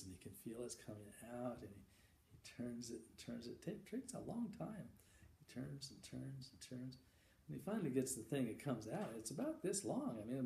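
Guy telling a long rambling joke, stumbles and repeats words, mellow voice, echoey room. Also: medium pitch, gravelly, a little hiss or hum. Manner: halting, repeats words, chuckles. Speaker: joke teller. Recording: echoey room with faint ambience.

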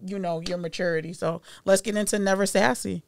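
Smooth-voiced woman hosting a podcast. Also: mid-range voice, a little fast. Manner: relaxed, encouraging, laughs often. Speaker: podcast host. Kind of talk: casual interview chat.

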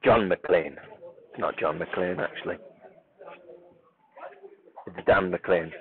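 A man's voice: deep voice, slow pace. A man giving amateur live football commentary while running the camera himself, rambling into joking, self-mocking asides between calls of the play. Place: outdoor football ground sideline. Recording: tinny phone-like live stream with crowd.

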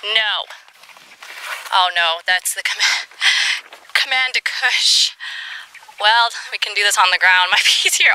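Bright-voiced woman barking sharp commands. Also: mid-range voice, takes it slowly, long pauses, smooth, poor audio. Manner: sharp repeated commands, cooing baby talk to the animal. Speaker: camel owner training animals. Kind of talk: outdoor animal training vlog. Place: outdoors in a rural yard.

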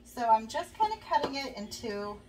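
A woman's voice: fairly high pitch, sing-song, moderate pace. A young woman chatting casually to her viewers while cooking in her home kitchen, friendly and rambling, with lots of fillers. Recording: faint background noise, a bit distant from the mic.

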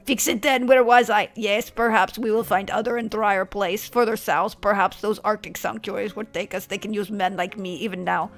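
Woman doing a put-on accent for a gruff older seaman, dramatic audio-log read. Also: medium pitch, fairly even intonation, moderate pace, hardly any pauses, lightly acted.

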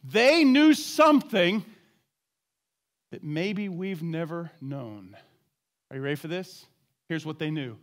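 A man with a notably high voice preaches in a church sanctuary, talking to the congregation in a conversational way. He throws out rhetorical questions and asks them to repeat lines back, then sinks low and soft to drive home the main point. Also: expressive, slow pace, long pauses. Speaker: pastor. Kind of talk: sermon.

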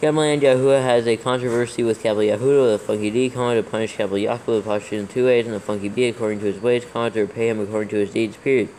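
Flat-voiced man dictating punctuation aloud. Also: lowish voice, rapid-fire, few pauses, a little hiss or hum, low-quality recording. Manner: steady, careful, names every capital and comma aloud. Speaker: reader dictating scripture text.

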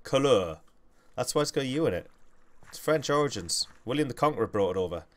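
A man's voice: medium pitch, animated, fast talker. A young man, hosting a game livestream with rambling, self-correcting, jokey commentary. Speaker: gaming livestream host.

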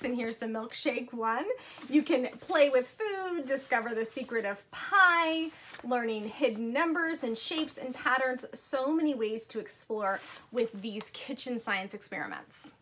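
A woman with a slightly high, bright voice shows children's books to viewers, gushing with enthusiasm and scattering ums through her talk. There is a faint hiss of noise under the recording. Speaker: book consultant. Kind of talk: casual product showcase.

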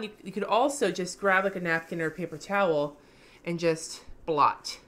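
A woman vlogger giving a casual, slangy craft tutorial, cussing freely, her voice going a little hoarse. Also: deep voice, a bit bright.

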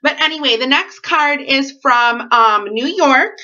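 A woman chats to her viewers at home, gushing and rambling as she opens her mail. Her voice sits a little high and sounds bright and sharp, and she takes her time with each word. The audio is dull and lo-fi. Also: measured pace. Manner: effusive and gushing, rambling with asides. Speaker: vlogger opening fan mail. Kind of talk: casual chatty vlog.

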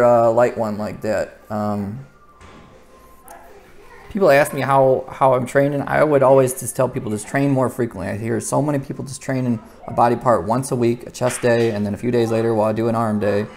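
A young man who vlogs about weightlifting, explaining his training in a relaxed, rambling way with frequent restarts. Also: mid-range voice, moderate pace. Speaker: weightlifter vlogger. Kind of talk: casual training talk to camera.

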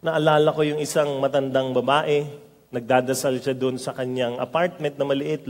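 A man with a Filipino accent preaching a lively sermon, mixing storytelling and teaching. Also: a little high, brisk. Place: large worship hall. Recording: long hall reverb.

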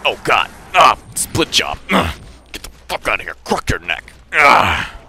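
Guy doing a super low rumbly soldier voice, cocky and crude, gritty and biting, trash talking through a shooter. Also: very animated, measured pace, sharp tone, slight background noise, full character voice. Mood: panicked. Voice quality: deep gravelly put-on voice. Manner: brash, profane, yelps when startled. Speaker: let's play gamer. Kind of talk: comedic gameplay commentary in character.

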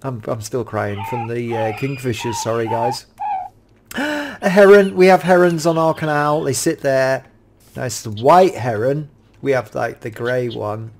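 A middle-aged man, gasping and gushing with excitement while commenting on a game at home. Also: mid-range voice, unhurried, slight background noise. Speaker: Minecraft YouTuber showcasing mods. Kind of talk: casual gameplay commentary.

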